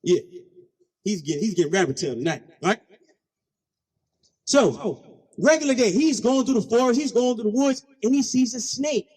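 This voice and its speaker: A man giving a keynote speech, telling stories in an animated, playful, slangy way with frequent call-and-response. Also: extremely high pitch, normal speed, pauses often, slightly rough, in a large hall. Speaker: keynote speaker. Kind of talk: storytelling speech.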